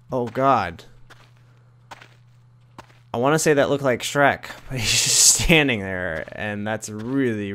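A man's voice: mid-range voice, fairly bright tone. Sarcastic man narrating a game. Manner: sarcastic, laughs and yelps at scares. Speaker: gamer playing a horror game. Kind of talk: casual let's-play commentary.

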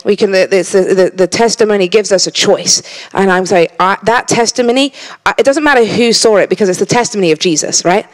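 A woman preaching to a church congregation at a middle pitch. She speaks earnestly, stumbling over and repeating her first words. Now and then she slips in playful asides to the room. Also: fairly quick. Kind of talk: sermon.

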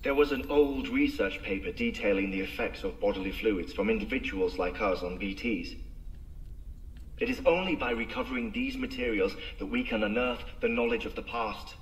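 An actor playing a formal, measured male scientist in a video game cutscene. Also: fairly low pitch, recorded from a distance, close to an everyday voice, rough recording. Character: calm male scientist obsessed with the past. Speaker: game character, BT researcher.

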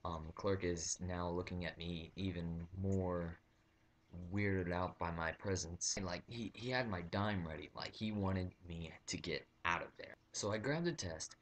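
Brief: low-voiced young guy, rambling comic anecdote, plenty of ums and restarts. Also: a little slow. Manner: rambling, full of fillers and restarts. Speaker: vlogger. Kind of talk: comic storytelling.

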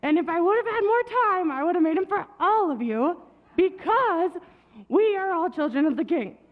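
A woman's voice: extremely high pitch, lively intonation, moderate pace, in a large hall, phone-quality sound. A woman giving a children's message in church, chatty and laughing at herself as she loses her voice. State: losing her voice.

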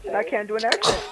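A man teasing his friends excitably while playing an online co-op game. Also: extremely high pitch, creaky. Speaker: co-op game player. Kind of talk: casual gaming chat.

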